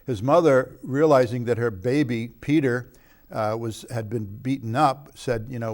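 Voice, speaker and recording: A man appearing as a guest on a talk show, telling a story in a halting way with frequent restarts. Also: mid-range voice, darkish tone. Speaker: guest, film producer. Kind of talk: casual talk-show chat.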